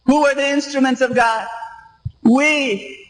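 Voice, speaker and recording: A man's voice: extremely high pitch, fairly even intonation, measured pace, a bit bright, low-quality recording. A man preaching a sermon, emphatic and repetitive, asking the congregation rhetorical questions. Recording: radio live stream.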